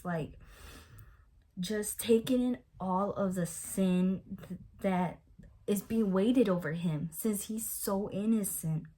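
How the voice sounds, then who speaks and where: Young woman, mid pitch, slow and easygoing, casual Bible study teacher full of fillers. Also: darkish tone. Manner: unhurried, many fillers and restarts.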